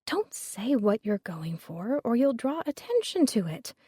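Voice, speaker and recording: A woman voicing a shrewd middle-aged mother who talks in a hushed, dryly sarcastic way. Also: a little high, sing-song, a little slow, husky, dry recording, pitched above the performer's own voice, heavily acted. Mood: knowing. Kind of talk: audiobook character reading.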